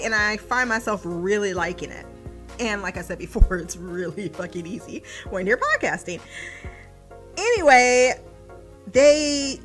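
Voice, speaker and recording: A young woman with a bright, high voice chats through a TV episode recap for her podcast, her pitch swooping widely as she laughs, swears and acts out the characters. Faint music plays softly behind her. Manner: animated, laughs often, swears, mimics characters. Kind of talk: casual chat.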